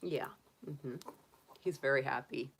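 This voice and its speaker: A woman's voice: rumbling low, measured pace, a bit bright, husky. A middle-aged woman chatting casually on a livestream and cooing baby talk to her pet rabbit. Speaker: tarot reader and astrologer.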